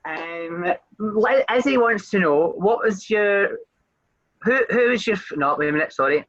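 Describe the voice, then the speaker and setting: A man's voice: high voice, lively intonation, measured pace, a bit bright, dull audio. A man hosting a casual interview over a video call, asking questions hesitantly with frequent restarts. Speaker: host.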